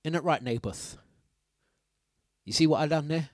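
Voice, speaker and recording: A man's voice: on the high side, normal speed, no echo, clean studio sound. A man hosting a radio breakfast show, chatting playfully with listeners, laughing often and sing-songing his announcements. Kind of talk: casual radio chat. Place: radio studio. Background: faint music.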